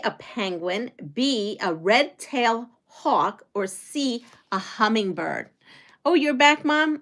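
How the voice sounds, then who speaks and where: A middle-aged woman hosts a relaxed livestream, chatting away to her viewers. Her talk is rambling and friendly in tone, easygoing everyday conversation. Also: on the high side. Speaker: quilting channel host. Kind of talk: casual livestream chat.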